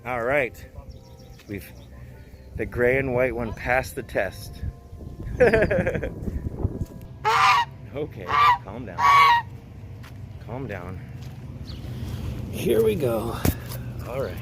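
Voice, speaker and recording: A man volunteering at an animal rescue, chatting casually and calling to the animals in high pet-talk and whoops. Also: lively intonation, very slow, pauses often. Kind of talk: casual vlog narration and talking to animals. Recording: noisy outdoor background.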